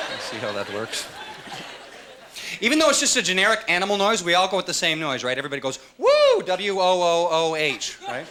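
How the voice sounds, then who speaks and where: A man doing a stand-up comedy set on stage, acting out voices and shouts. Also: on the high side, very noisy. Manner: animated, jumps into shouted voices for characters. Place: comedy club stage with audience laughter. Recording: live club recording, loud audience laughter.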